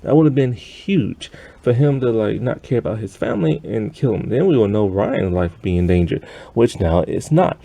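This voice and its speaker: A man's voice: on the low side, animated, moderate pace, gravelly, warm tone, no echo. A man ranting in an exasperated, rambling way about a TV episode, sighing often. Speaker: show reviewer. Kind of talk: ranting TV review.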